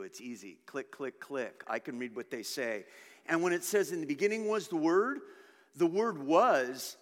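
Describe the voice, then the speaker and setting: Animated preacher man in a reverberant hall. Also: fairly high pitch. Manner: animated, emphatic preaching with conversational asides. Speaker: pastor. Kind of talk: sermon.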